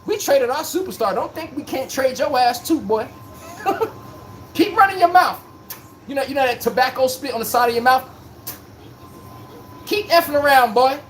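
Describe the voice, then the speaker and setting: A man's voice: very high voice, animated, normal speed, long pauses, noisy background, voice pushed up. A man voicing a taunting, threatening male Boston sports fan with a mocking swagger.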